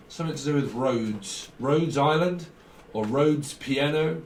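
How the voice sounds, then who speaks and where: An unhurried man of medium pitch offers a relaxed tarot reading, drifting between associations and chuckling often. Recorded on a distant mic, the audio is roomy and off-mic, with a faint hiss in the background.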